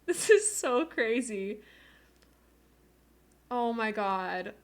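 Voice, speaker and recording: A woman streamer chats casually with her viewers from home, her voice on the high side with lively intonation and drawn-out words. She's gushing and emotional, close to tears, and laughs often, all picked up by a cheap desk microphone.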